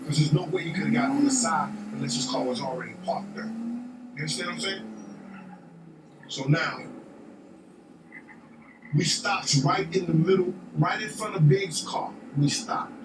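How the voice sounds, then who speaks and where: Guy telling a story kinda high voice, cussing a lot, far from mic in an echoey noisy room. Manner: profane, repeats "you know what I'm saying". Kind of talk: casual storytelling.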